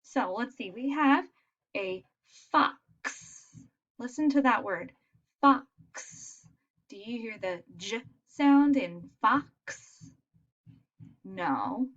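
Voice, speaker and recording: Woman teacher, phonics lesson for kids, slow patient delivery, fairly high voice, dull lo-fi sound. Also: big pitch swings. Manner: slow, patient and encouraging, models sounds clearly. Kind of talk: phonics lesson for young children.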